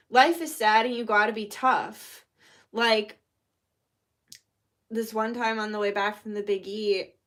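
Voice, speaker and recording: A woman's voice: mid-range voice, fairly bright tone. A young woman vlogging casually as she lights candles for a spell, chatty and swearing freely, sometimes dropping to a whisper. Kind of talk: casual chat.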